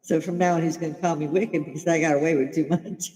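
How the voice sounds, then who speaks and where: This livestream host is an older Chicagoan with a low, mellow voice that stays steady in tone while moving at a quick pace. The audio is rough and echoes like a big room. Her casual, opinionated talk is loaded with swearing and frequent laughter.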